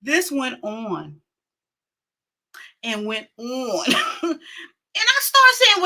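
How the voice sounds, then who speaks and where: A middle-aged woman host telling a story in a casual, animated way, laughing often and acting out what people said. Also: high-pitched, drawn-out words, pauses often. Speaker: talk show host.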